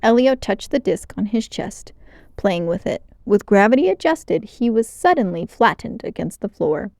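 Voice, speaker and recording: A woman reading a children's novel aloud in a clear, expressive storytelling manner, close to the mic. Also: medium pitch, normal speed, dry recording. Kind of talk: children's book read-aloud.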